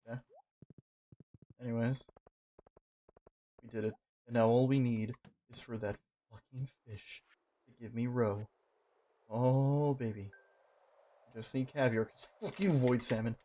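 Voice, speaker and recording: A man streams himself gaming, giving profane, excitable running commentary and swearing at things on screen as he talks to the game. His voice is mid-range and unhurried, with frequent pauses.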